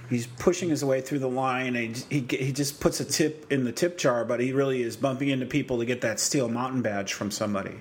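A man's voice: medium pitch, brisk, few pauses. A man hosts a casual podcast, recounting scenes from a show and putting questions to his co-host. A faint hiss sits under his voice. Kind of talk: casual TV recap chat.

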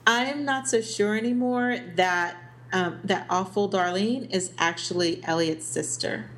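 A woman's voice: medium pitch, unhurried, fairly bright tone. A woman co-hosting a podcast, chatting casually about a TV show, thinking aloud with many ums and little laughs. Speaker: podcast co-host. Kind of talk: casual TV recap chat.

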